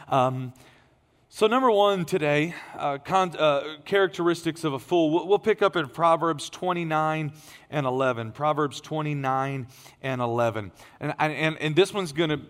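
Middle-aged male pastor, sermon delivery, strained tired voice, slightly high pitch, emphatic then quiet, long hall reverb. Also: normal speed. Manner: swings from emphatic raised lines to low quiet asides. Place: church sanctuary.

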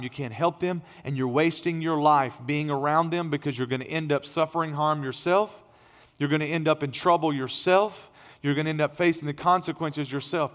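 A middle-aged man preaching as a pastor, his voice strained and tired, swinging from emphatic raised lines to quiet asides. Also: a little high. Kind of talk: sermon. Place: church sanctuary. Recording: long reverb of a large hall.

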